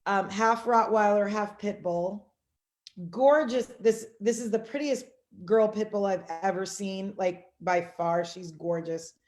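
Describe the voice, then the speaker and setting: A woman guest in a casual interview, talking in a warm, friendly way and agreeing quickly. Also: mid-range voice, echoey room.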